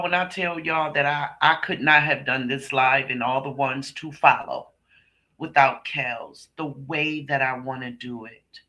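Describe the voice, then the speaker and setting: Man, stream host, slow chatty delivery, very bright forceful tone. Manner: chatty, warm greetings to viewers, laughs often; slow, drawn-out delivery with big pitch swings. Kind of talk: casual live stream chat.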